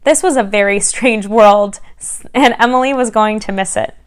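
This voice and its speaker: A woman reading a bedtime story to children as a church children's ministry storyteller, expressive and friendly, then leading them in prayer. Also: medium pitch, moderate pace, smooth.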